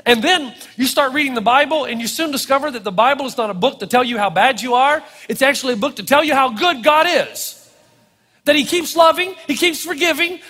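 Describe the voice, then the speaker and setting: A man preaching a sermon, animated and playful, acting out quotes as he goes. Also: extremely high pitch, breathy edge, in a large hall. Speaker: pastor. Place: church hall with audience.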